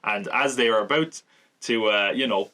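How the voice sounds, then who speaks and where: A man hosting a podcast, casually recapping and reviewing a TV episode, chatty, laughing often and slipping into quick mock voices. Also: fairly low pitch, bright, forceful tone. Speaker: podcast host.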